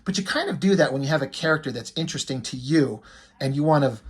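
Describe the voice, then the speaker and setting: A man's voice: a little high, animated, fast, slightly rough. A man casually recapping a comic book, joking and swearing freely. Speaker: comic reviewer.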